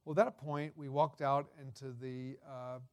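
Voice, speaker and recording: A man in his sixties giving a sermon full of personal stories, folksy and unhurried with fillers and restarts. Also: mid-range voice, little pitch movement, a little mellow, clean tone. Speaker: guest preacher.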